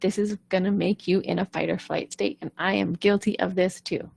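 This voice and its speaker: A woman's voice: on the low side, steady tone, normal speed, vocal fry, darkish tone, breathy edge. A woman singing coach giving an earnest, conversational talk in a live online session, often checking in with "right?".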